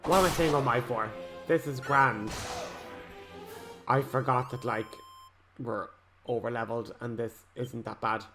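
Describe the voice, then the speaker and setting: A man, rambling excitably while he comments on a role-playing game. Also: medium pitch, unhurried, long pauses, faint music behind. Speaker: let's play host. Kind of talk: gameplay commentary.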